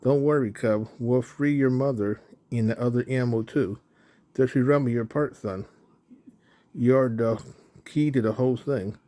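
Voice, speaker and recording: A man's voice: mid-range voice, moderate pace, dark tone, lightly acted. A man doing a proud lazy lion king. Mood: gruff.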